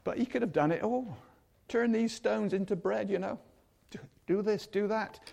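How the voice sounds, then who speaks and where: A man's voice: high-pitched, moderate pace, gravelly, dark tone. An older man giving a chatty sermon, acting out the people in the stories. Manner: chatty, acts out quotes in voices. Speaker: preacher.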